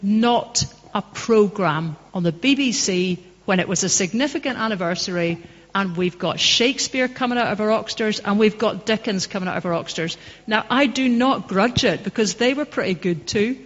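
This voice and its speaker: A woman's voice: medium pitch, expressive, normal speed. Woman speaker in an echoey hall. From Northern Ireland. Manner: conversational, anecdotal and passionate. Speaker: guest speaker. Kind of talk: public talk Q&A. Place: public hall. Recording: dull echoey hall recording.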